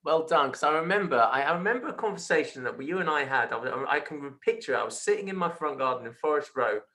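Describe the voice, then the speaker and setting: A man chatting as a guest over a video call, an animated storyteller who quotes others. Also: fairly high pitch, fast talker. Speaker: guest, film executive producer. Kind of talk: casual video-call conversation.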